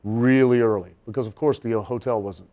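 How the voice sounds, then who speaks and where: Man, middle-aged, wrestler, casual interview, animated storyteller, laughs a lot. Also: mid-range voice, normal speed, lo-fi sound.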